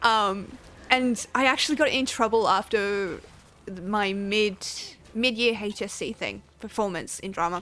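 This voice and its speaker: A woman's voice: mid-range voice, a little slow, fairly bright tone. An Australian woman hosting her game stream, chatting casually and reading chat aloud in a self-deprecating way. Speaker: streamer host.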